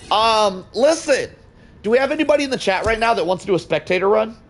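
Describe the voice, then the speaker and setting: Man, live game streamer, casual commentary, loud and joking, swears, high voice. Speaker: livestream host.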